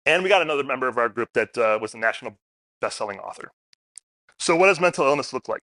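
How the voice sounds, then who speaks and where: A man's voice: mid-range voice, fast, dry recording. A man giving a personal storytelling talk at a public forum, acting out the people in his stories. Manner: animated storyteller, acts out quotes.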